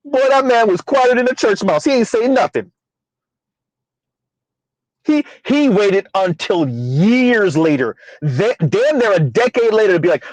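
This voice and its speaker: A man's voice: high voice, animated, unhurried, no room sound, low-quality recording. A man hosting his own channel, ranting in a blunt, profane commentary with rhetorical questions. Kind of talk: casual commentary rant.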